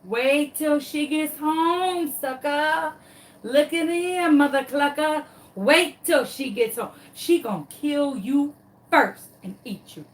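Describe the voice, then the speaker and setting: A woman's voice: high voice, takes it slowly, recorded from a distance, voice pushed up. A woman voicing a sassy, bossy dog. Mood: mocking. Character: sassy bossy female dog, scolding her owner.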